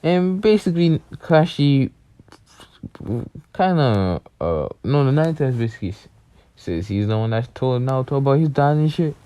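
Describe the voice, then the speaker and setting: A man's voice: medium pitch, animated, normal speed, mellow, clear, resonant tone, highs cut off. A young man casually retelling a story, rambling along and leaning on fillers as he goes. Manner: rambling, leans on "basically" and "was like". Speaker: channel host.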